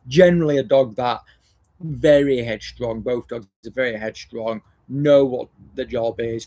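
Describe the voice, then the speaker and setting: A man with a gravelly, husky voice talks shop as a dog trainer in a laid-back live session. His speech is blunt and sweary, full of restarts and repeated phrases, at a middling pitch. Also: a little mellow. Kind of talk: casual live discussion.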